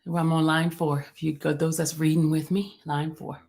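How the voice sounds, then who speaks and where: A woman's voice: deep voice, little pitch movement, moderate pace, a little mellow, pitched below the performer's own voice. A woman reading aloud the lines of a formal, deferential male defense attorney from a court transcript.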